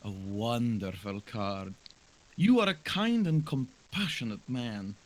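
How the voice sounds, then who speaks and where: A man voicing a mysterious female fortune teller reading tarot cards, slow and portentous. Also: mid-range voice, expressive. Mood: solemn. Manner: slow, solemn, portentous delivery.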